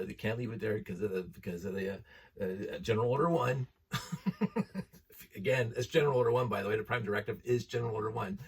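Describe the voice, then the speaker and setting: A man in his fifties, talking loosely and excitedly, with a husky, fairly low voice. He circles back on himself, laughs often and piles on the enthusiasm. He sits a bit back from the mic. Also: distant mic. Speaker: host. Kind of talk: casual chat.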